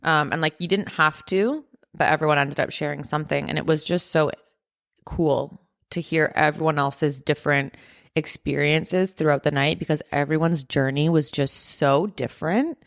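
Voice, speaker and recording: A podcast host with a low-pitched voice talks at a normal speed. She shares a personal story casually, her chatter heavy with "like" and "um."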